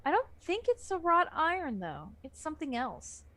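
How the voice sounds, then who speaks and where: A woman's voice: sits high, normal speed. A woman reading a horror novel aloud for a book club, narrating expressively. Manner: expressive narration with lively swings.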